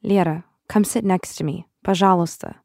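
A woman's voice: lowish voice, steady tone, normal speed, creaky, darkish tone, no echo, studio quality. A woman voicing a worried, scolding immigrant mother with a Russian accent, firm and pleading. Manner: pleading then shaming, firm.

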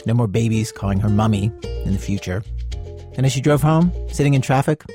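A man hosting a radio show, narrating a guest's story in a measured, wry way and asking her questions. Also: mid-range voice, over music. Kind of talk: scripted radio narration and interviewing.

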